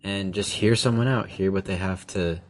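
A man's voice: low voice, normal speed. A male podcast host who speaks reflectively and with enthusiasm to his guest. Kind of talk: casual interview conversation.

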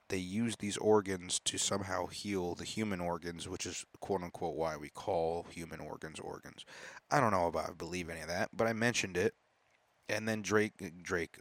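Man, comedian, solo podcast monologue, profane, rambling, animated, slightly low voice. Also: dry recording. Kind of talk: casual monologue.

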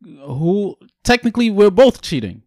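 A man's voice: high voice, sing-song, unhurried, darkish tone, no room sound, studio quality. Laid-back young man podcast co-host. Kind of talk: casual podcast chat.

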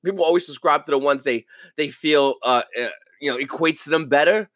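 A man hosting a casual podcast monologue, talking in an animated way and acting out the people he quotes. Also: a little high, brisk, no echo. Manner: animated, acts out quoted viewers. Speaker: podcast host.

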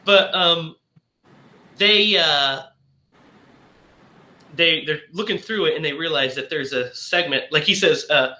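A man's voice: on the high side, pushed and bright, roomy sound. A man hosting a podcast in casual chat, enthusiastic and chatty. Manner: enthusiastic, chatty, retells scenes with quick voices. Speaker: podcast host.

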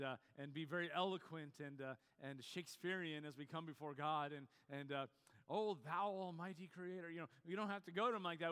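A man's voice: on the high side, fairly bright tone, big-room sound. A man preaching a sermon in a conversational way, with fillers and restarts. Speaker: pastor.

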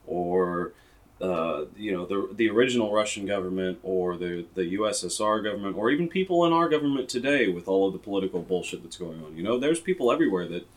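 A man's voice: low voice, lively intonation, fast. A young man in a casual podcast chat, rambling with strong opinions and plenty of swearing.

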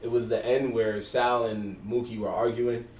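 A man chatting about movies in a relaxed podcast, telling scenes with lively put-on voices. He sits a little back from the mic in an echoey room, with faint noise behind. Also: medium pitch, normal speed. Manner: animated storyteller acting out scenes in slangy voices. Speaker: podcast co-host. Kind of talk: casual movie discussion. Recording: roomy, distant mic with faint background noise.

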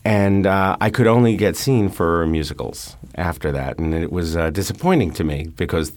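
Deep-voiced New man, halting. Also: darkish tone. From New York. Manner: thoughtful, many uh fillers. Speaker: stage actor guest. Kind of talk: relaxed interview talk.

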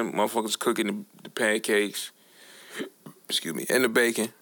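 A man's voice: fairly low pitch, gravelly. A man co-hosting a podcast, telling stories in casual, slangy, profane chat. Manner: animated storytelling, slangy and profane. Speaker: podcast co-host.

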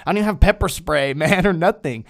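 A young man telling a story on a podcast in a casual, animated way, full of swearing and slang like "bro" and "dude". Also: fairly high pitch, fast talker, gravelly. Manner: animated, profane, slangy, drifts into acted-out quotes.

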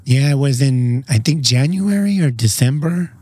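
A man's voice: mid-range voice, lively intonation, normal speed, a little mellow, husky, dry recording, studio quality. A man chatting easily as a guest on a casual podcast outdoors, rambling with lots of "you know.". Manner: easygoing, rambling, many fillers like "you know". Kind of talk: casual chat. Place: outdoors in a backyard treehouse.

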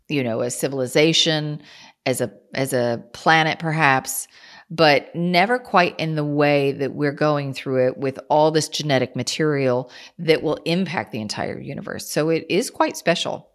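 A woman from Kansas, USA, appears as a guest on an interview, a channeler speaking in casual talk. Her voice is deep and unhurried, and she explains her ideas earnestly with small restarts.

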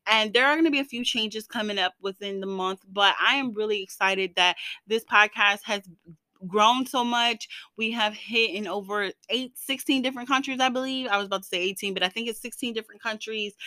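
A young woman hosting her own podcast, chatting in an animated, rambling way with playful slang. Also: medium pitch, moderate pace, no room sound. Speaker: podcast host. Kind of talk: casual solo podcast chat.

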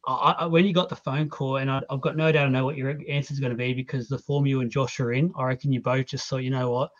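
A man hosts a casual interview and asks long, winding questions. He talks at an ordinary mid pitch. The audio sounds muffled and lo-fi. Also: flat delivery, fast. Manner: chatty, long rambling questions. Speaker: interview host. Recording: dull lo-fi audio.

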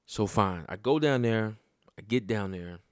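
A man telling a personal story about his child in a blunt, profane, casual way. His voice climbs high and loud when he gets worked up. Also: measured pace, dry recording, studio quality.

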